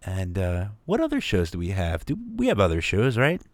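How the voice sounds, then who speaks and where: A man co-hosting an internet radio show in casual, rambling chat, reading out shout-outs and chuckling often. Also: low-pitched, wildly swooping pitch, moderate pace, no room sound. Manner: laid-back, rambling, chuckles a lot.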